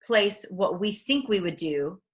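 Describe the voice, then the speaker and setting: A woman interviewing a guest in a measured, earnest way, with frequent fillers. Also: mid-range voice, animated. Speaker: interviewer, author. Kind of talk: conversational interview.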